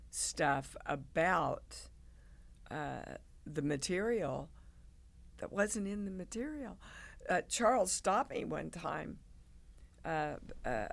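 An older woman, a guest actress, telling animated stories in a casual interview and acting out the people she quotes. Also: low-pitched, vocal fry. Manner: animated storyteller, acts out quoted voices.

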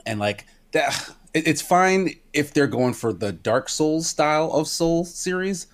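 A man co-hosting a casual gaming podcast, thinking out loud as he picks apart combat and animation. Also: fairly high pitch, animated. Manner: analytical, measured critique. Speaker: co-host.

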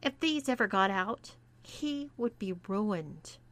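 Slow, bright-voiced woman narrator. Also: medium pitch, lively intonation. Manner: slow and deliberate. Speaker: erotica reader. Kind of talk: scripted story narration.

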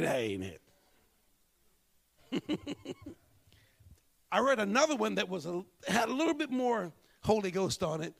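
Pastor guy preaching, highish gravelly voice, goes quiet then shouts. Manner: preaching with dramatic swings from hushed to shouting. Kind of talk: sermon.

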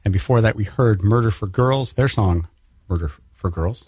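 A man's voice: lowish voice, moderate pace, darkish tone, breathy edge, dry recording. Canadian guy hosting a radio show, jokey, dry close studio sound. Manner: jokey, chatty, laughs often. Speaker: radio host. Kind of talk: casual radio interview.

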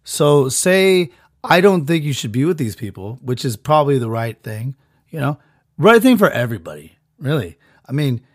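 A man hosting a podcast, doing a crude, rambling mock sponsor rant that swings between loud bursts and mutters. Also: fairly high pitch, dry recording, clean studio sound. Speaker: podcast host.

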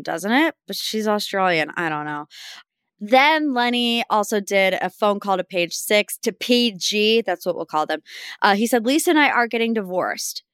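Young woman, celebrity gossip host, smooth clear voice, dry close sound, sarcastic chatty delivery. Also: mid-range voice, no room sound. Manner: chatty, sarcastic, animated asides. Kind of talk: casual gossip commentary.

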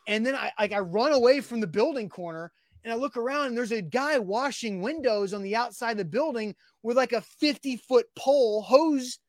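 A man hosting a sports radio morning show, telling a story in lively casual chat and acting out what people said. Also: high voice, moderate pace, no echo, studio quality. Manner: animated storyteller, acting out quotes.

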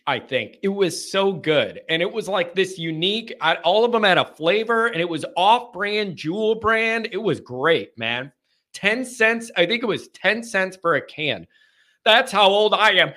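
Talk show host, male, bright and punchy, jokey, slangy. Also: sits high, measured pace. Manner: animated, joking, slangy. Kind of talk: casual chat. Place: home basement.

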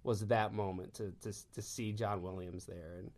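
A man from Texas telling fan anecdotes in casual chat, animated and laughing often as he acts out quotes. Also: fairly low pitch, moderate pace.

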